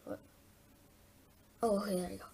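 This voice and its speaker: Woman let's-play host, just out of bed, chatty running commentary at a mid-range pitch with a faint hiss behind. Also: steady tone, creaky, mellow. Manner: chatty, thinking aloud, quick reactions. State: just woken up. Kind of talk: casual gameplay commentary.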